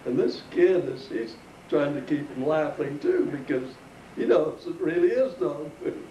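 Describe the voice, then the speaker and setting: A slightly high, animated voice, a bit slow, comes from an older man recounting a folksy life story with chuckles to his family in the living room. The audio is dull, recorded at home from a distance with a roomy sound and faint hiss.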